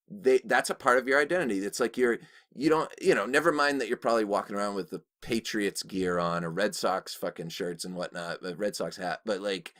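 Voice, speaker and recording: A man's voice: on the low side, a bit bright. A man with a Boston-area accent, co-hosting a podcast in a laid-back, chatty way with some swearing. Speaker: podcast co-host. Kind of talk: casual chat.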